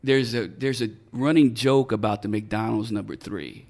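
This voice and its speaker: A man's voice: on the low side, moderate pace, vocal fry. A middle-aged man, a retired detective, telling a story in a podcast interview. He is casual, swears freely and acts out the dialogue. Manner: animated storyteller who acts out quoted dialogue. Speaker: retired police detective, guest.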